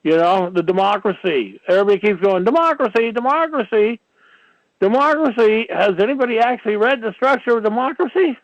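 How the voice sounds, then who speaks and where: A man with a high, gravelly voice rants his way through a rambling radio monologue, leaning on "you know" again and again. The sound is dry and close, with a dull, lo-fi radio quality. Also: quick pace, hardly any pauses, no room sound. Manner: ranting, filler-heavy, many "you know"s. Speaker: radio show host.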